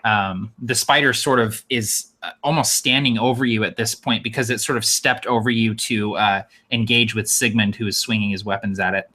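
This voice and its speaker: A man's voice: on the low side, fairly even intonation, normal speed, few pauses, pushed and bright. A man narrating a tabletop role-playing game as game master, describing the action in an easygoing way with frequent fillers.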